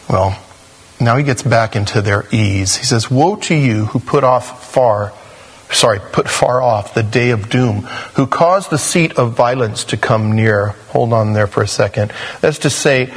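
A man's voice: moderate pace, slightly rough. Man teaching scripture in a reverberant hall. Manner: conversational, acts out quoted voices with pitch jumps. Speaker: pastor. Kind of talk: expository Bible teaching.

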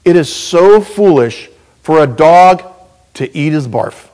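A middle-aged man preaching a sermon as pastor, animated and jokey, with sudden loud high bursts. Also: slow pace.

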